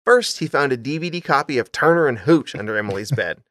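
A man's voice: medium pitch, animated, quick pace, a bit bright, no echo, studio quality. A man hosting a comedy podcast, reading a story with dramatic emphasis and stopping to joke.

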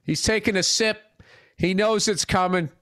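Podcast host, male, high-pitched, crude and ribbing, dead-dry recording. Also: moderate pace, dry recording. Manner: profane, ribbing, animated storytelling. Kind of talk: casual sports chat.

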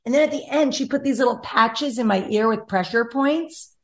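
Young woman host, chatty and rambling, a little higher than average. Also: normal speed. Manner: chatty rambling storyteller, acts out quotes. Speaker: podcast host. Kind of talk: casual chat.

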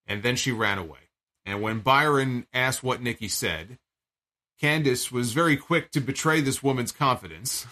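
A man's voice: medium pitch, lively intonation, moderate pace, sharp tone. A man hosting a wrestling talk show, reading an ad and recapping events in a chatty, wry way. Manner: chatty, wry, with fillers and asides. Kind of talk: casual recap and ad read.

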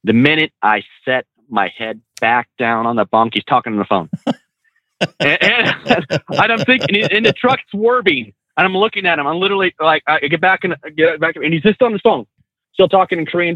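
Animated trucker on a tinny line. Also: male voice, a little high, fairly quick, no echo. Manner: animated anecdotes with frequent laughs and restarts. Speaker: truck driver and trainer. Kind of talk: casual storytelling interview. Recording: dry tinny phone-like line.

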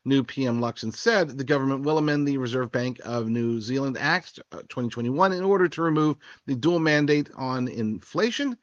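A man's voice: mid-range voice, lively intonation, moderate pace, few pauses, dry recording. Man, political commentary host, rambling, sarcastic, dull lo-fi recording, dry. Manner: rambling, sarcastic asides with chuckles.

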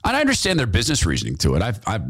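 A man's voice: fairly low pitch, wildly swooping pitch, racing, slightly rough. A man hosting a talk podcast, delivering an impassioned opinion monologue and repeating phrases for emphasis. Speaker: podcast host, former radio host.

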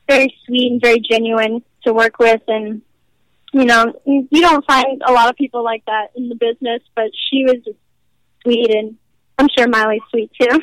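A bubbly young actress from Nashville, in the American South, chats as a guest in a casual interview, giggling often and saying "like" a lot. Her voice is fairly high with a fairly bright tone, and the rough recording has no room sound.

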